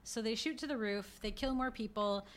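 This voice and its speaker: A woman co-hosting a podcast, recapping a film in casual chat, animated and laughing a lot as she acts out lines. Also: a little high, normal speed. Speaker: podcast co-host.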